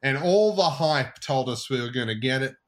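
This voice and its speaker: Give me a blunt, joking man who swears freely in casual podcast chat, mid-pitched voice. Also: animated, normal speed.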